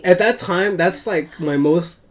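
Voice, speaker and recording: A man's voice: sits high, unhurried, crowd noise. A man co-hosting a podcast in casual chat, talking in a laid-back, hesitant way with trailing phrases. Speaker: podcast co-host.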